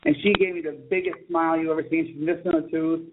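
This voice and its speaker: A man's voice: on the high side, level tone. A man, a children's book author, chatting as a guest and telling stories eagerly and ramblingly. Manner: eager storyteller, quick and rambling. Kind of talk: casual phone interview chat. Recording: tinny phone line with faint hiss.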